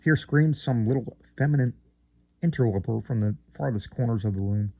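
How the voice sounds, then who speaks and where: A man's voice: mid-range voice, normal speed, creaky, dark tone, no echo, lo-fi sound. A man reading a classic short story aloud in a theatrical way, with rising emphasis and occasional stumbles. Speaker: reader.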